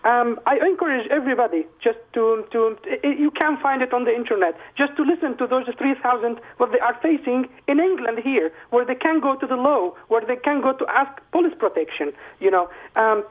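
A man, a guest calling in by phone, speaking haltingly and repeating words as he searches for them. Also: very high-pitched. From Syria. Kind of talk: phone interview. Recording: tinny phone line.

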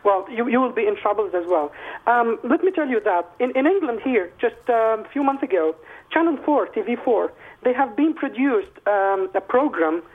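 A man, a guest calling in by phone, speaking haltingly and repeating words as he searches for them. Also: extremely high pitch, expressive. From Syria. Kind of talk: phone interview. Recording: tinny phone line.

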